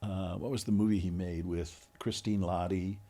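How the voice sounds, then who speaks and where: Brief: older male interviewer, lower voice, calm, unhurried questions. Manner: measured, supportive interjections. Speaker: podcast host. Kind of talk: interview chat.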